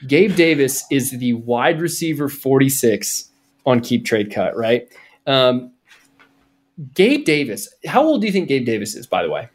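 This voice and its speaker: A young man co-hosting a podcast, chatting casually and animatedly about fantasy football trades. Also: medium pitch. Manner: animated, quick, jokey. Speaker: podcast co-host. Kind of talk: casual sports chat.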